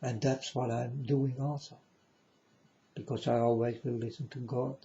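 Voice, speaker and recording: A man's voice: medium pitch, flat delivery, a little slow, creaky, warm tone. A man giving a repetitive, insistent preaching monologue to viewers, calling them folks. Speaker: self-styled religious speaker. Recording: dull lo-fi recording.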